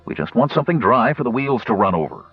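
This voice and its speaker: A man's voice: medium pitch, very animated, fast, husky, no room sound, muffled recording, soft background music. A man voicing a patient but exasperated male knight in an audiobook, pleading and incredulous.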